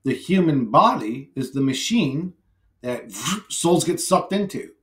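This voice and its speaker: A man's voice: on the high side, lively intonation, slow pace, a bit bright. A man vlogging alone in a brash, rambling monologue, swearing freely and laughing often. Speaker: YouTuber. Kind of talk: rambling solo vlog monologue.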